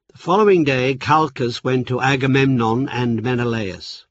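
A man narrating a storybook chapter in a slow, measured way. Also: medium pitch, dry recording, lo-fi sound. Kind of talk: scripted audiobook narration.

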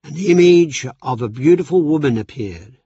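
A man narrating a chapter of an audiobook in slow, even storytelling. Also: on the high side, husky, no echo. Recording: dry, slightly dull recording.

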